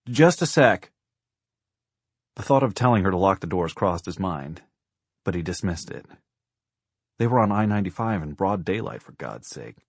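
A man narrating an audiobook in a steady, measured storytelling manner. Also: deep voice, gravelly, dry recording.

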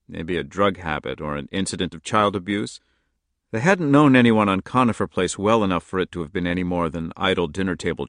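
A man narrating a novel in a steady, measured audiobook reading, close to the mic. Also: low-pitched, dry recording. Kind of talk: scripted narration.

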